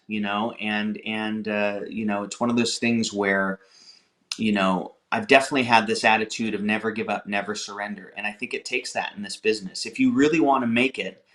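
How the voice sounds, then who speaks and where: A film director with a fairly low male voice talks through his career as a guest on a live interview. He sounds earnest and reflective. He is encouraging toward aspiring filmmakers. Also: a bit bright. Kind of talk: casual interview chat.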